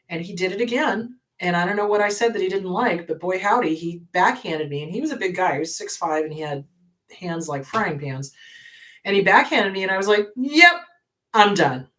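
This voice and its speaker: A woman's voice: medium pitch, distant mic. A woman therapist hosting an advice show, answering viewer questions in a blunt, emphatic way and repeating her key advice.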